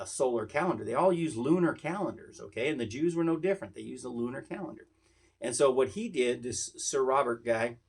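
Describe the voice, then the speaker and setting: A man with a husky, slightly breathy voice teaching a Bible lesson in a loose, conversational way. He wanders into asides and then returns to his point. His pitch sits in a mid range.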